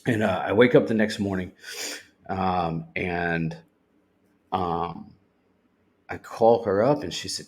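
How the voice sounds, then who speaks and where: A man with a very low voice tells his recovery story on a podcast. He speaks bluntly, swears freely and acts out what others said to him. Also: measured pace. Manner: candid, swears freely, retells talk in quotes. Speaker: podcast guest. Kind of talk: personal recovery testimony.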